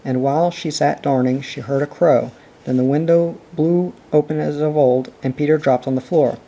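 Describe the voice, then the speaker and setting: A man narrating a storybook aloud in a calm, measured reading. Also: fairly high pitch, dull audio. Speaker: reader. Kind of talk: audiobook narration.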